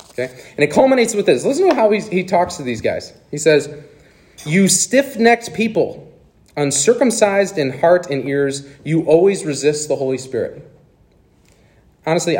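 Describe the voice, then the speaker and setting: A man in his thirties preaching a sermon to a live congregation in a church, animated and conversational, often checking in with "okay?" and "right?". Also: medium pitch.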